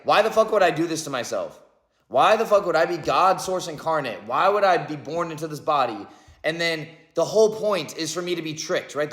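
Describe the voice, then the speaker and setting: A man in his thirties with a slightly high voice muses aloud in a loose, rambling way. He keeps circling back with "like" and "right?" and swears freely. The sound bounces around an echoey room. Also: a bit bright. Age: 30s. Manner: rambling, reflective, heavy on "like" and "right?", swears often. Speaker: vlogger. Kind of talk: spiritual monologue.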